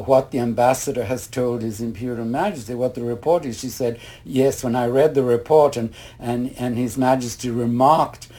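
A man's voice: mid-range voice, warm tone, slightly rough. Older man telling a long rambling story. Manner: rambling anecdotal, quotes others, many asides. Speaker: interviewee, retired ballet master. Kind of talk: casual storytelling interview.

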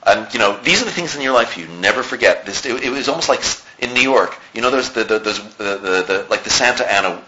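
A man's voice: medium pitch, fast talker, hardly any pauses. A middle-aged man, a playwright, telling anecdotes in a casual interview and acting out the dialogue he quotes. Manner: animated anecdote-teller who acts out quoted dialogue. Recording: slightly muffled lo-fi recording with faint hiss.

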